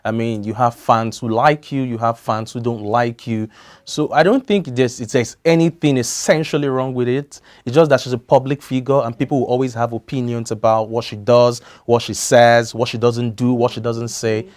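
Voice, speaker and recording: A man's voice: mid-range voice, steady tone, a little mellow. Thoughtful male co-host. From Nigeria. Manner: measured, reflective opinions. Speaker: radio show co-host. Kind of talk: casual breakfast show chat.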